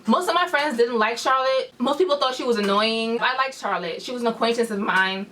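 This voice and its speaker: A woman's voice: fairly high pitch, brisk, fairly bright tone. A young woman vlogger telling a story, acting out what her friends said. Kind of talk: storytime vlog. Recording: voice a bit far from the mic.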